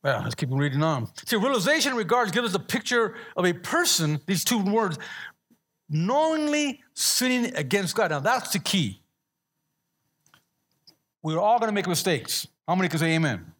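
A man's voice: sits high, very animated, moderate pace, fairly bright tone. A man preaching a sermon in a conversational way, restarting words and asking the congregation to answer back. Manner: conversational preaching with repeated restarts and call-and-response. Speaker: pastor.

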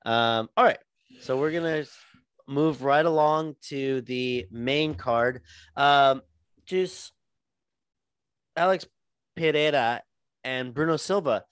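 A man co-hosting a podcast, talking at an average pitch. He rambles through his points with many ums and restarts. The sound is dry, with no room echo. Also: slow, long pauses, a bit bright, clear, resonant tone. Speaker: podcast co-host. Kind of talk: casual chat.

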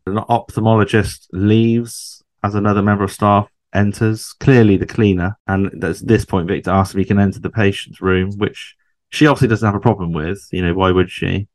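A low-pitched man talks through a sitcom episode in a relaxed, chatty way. He often stops to ask his co-host questions. The sound is dry and close. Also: no echo. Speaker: podcast co-host. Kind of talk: casual chat recapping a sitcom episode.

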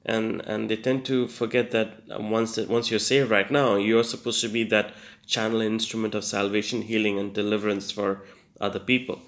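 A man's voice: on the low side, level tone, normal speed, fairly bright tone. A young man giving an earnest personal testimony, hesitant and full of fillers and restarts, with self-deprecating laughter. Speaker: testimony speaker.

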